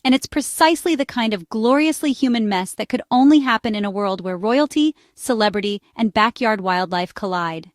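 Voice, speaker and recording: Woman narrator, scripted, playful, higher pitch, dry sound. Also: brisk, hardly any pauses, dry recording. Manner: playful, dramatic build-ups.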